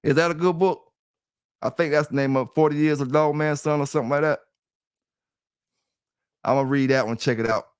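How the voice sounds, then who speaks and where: A man's voice: on the high side, fairly even intonation, brisk, pauses often, clear, resonant tone, dry recording, studio quality. A middle-aged man hosting a livestream in casual chat, rambling and repeating himself as he talks straight to his listeners. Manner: rambling and repetitive, addressing listeners directly. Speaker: livestream host.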